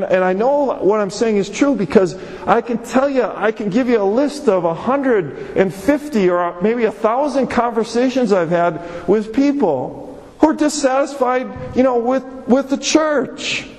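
A man's voice: sits high, a little mellow, big-room sound, low-quality recording. A male pastor preaching a sermon, emphatic, with repeated phrases and rhetorical questions.

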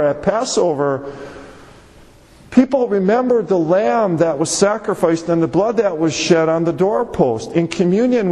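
A male pastor delivers a sermon in a notably high voice, pressing his point with repeated phrases and rhetorical questions. His voice rings with the long reverb of a large hall. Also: dark tone.

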